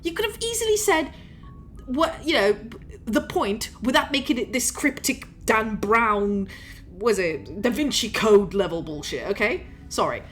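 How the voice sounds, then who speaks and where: Woman streaming, ranting and swearing, voice jumps all over, bit high, game music faint behind. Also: very animated, unhurried, fairly bright tone. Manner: rambling, exasperated, swears freely. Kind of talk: casual gaming stream chat.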